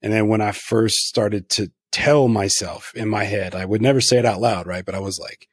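A man's voice: on the low side, fairly even intonation, moderate pace, no room sound, clean studio sound. A middle-aged man hosting a podcast, talking frankly and reflectively, swearing freely as he opens up in conversation. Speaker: podcast host. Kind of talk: candid conversational interview.

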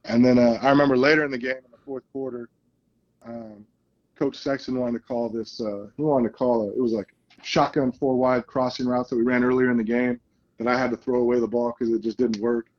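A man's voice: medium pitch, fairly quick, dull audio. A man, a guest and football coach, telling stories in a casual interview and acting out the lines people said. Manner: animated storyteller, acts out quoted lines.

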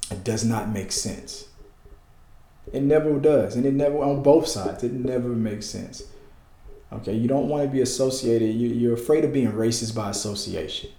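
In an echoey room, a man with a warm, medium-pitched voice delivers a casual but heated political rant at a moderate pace. He is emphatic and repetitive, restarting his sentences often.

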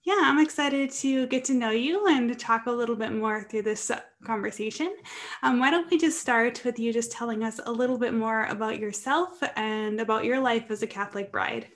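A woman's voice: fairly high pitch, moderate pace. A woman hosting her podcast, welcoming a guest in a friendly way. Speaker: podcast host. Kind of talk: podcast intro and interview.

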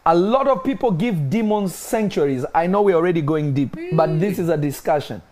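A man's voice: animated, brisk, a little mellow. A man preaching in a spiritual discussion, emphatic and repeating his key points. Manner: emphatic, repeats key phrases, rises in pitch when stressing points.

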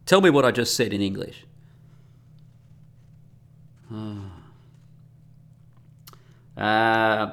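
A man with a low, gravelly voice rambles through a solo podcast monologue. He is sarcastic and mocking, and often drops into a muttering aside. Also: takes it slowly, long pauses, a bit bright. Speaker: podcast host.

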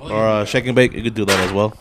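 A man's voice: on the low side, fairly even intonation, fast talker, noisy background. A young man guesting on a casual podcast, talking in a loose, slightly slurred way. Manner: slurred, mumbled delivery.

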